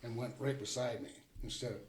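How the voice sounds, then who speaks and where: A man's voice: mid-range voice, steady tone, fast talker, a little hiss or hum. An older man telling his story as a podcast guest in a plainspoken, folksy way. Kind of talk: casual storytelling. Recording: roomy echo.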